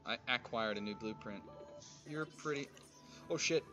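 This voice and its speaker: A man streaming a survival game, muttering and grumbling and swearing at creatures, with sudden loud outbursts. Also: mid-range voice, normal speed, over music. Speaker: gaming streamer. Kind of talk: casual let's-play commentary.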